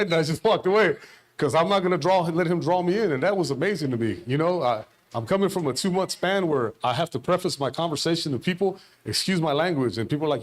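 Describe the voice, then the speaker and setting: A man's voice: a little high, expressive, quick pace. A middle-aged man giving an informal sermon at a church service, rambling and conversational, telling stories with quoted dialogue. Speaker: lay preacher.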